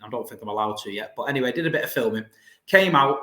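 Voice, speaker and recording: A man's voice: medium pitch, expressive, rapid-fire, bright, forceful tone. A man hosting a casual chat, telling stories in a chatty, playful way. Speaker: host. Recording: echoey room.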